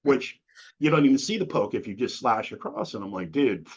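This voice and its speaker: This casual interview features a middle-aged New Englander speaking a little fast in a medium-pitched, husky, slightly breathy voice. He spins animated tales, performing the quotes and using casual slang; the audio is dull and lo-fi.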